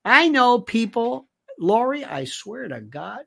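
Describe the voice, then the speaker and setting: A man's voice: extremely high pitch, big pitch swings, takes it slowly, creaky, fairly bright tone. A man hosting a commentary show, ranting casually with sarcasm, exasperation and rhetorical questions. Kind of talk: casual political rant.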